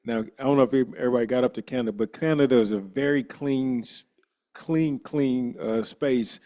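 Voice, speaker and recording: A man on a discussion panel, a former professional football player, telling a lively personal story in casual slang. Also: mid-range voice, moderate pace. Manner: animated storyteller, acts out quoted dialogue, casual slang.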